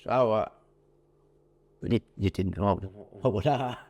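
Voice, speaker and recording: Guest, male, deeper voice, plainspoken and halting. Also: a little mellow. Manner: brief, halting replies. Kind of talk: casual chat.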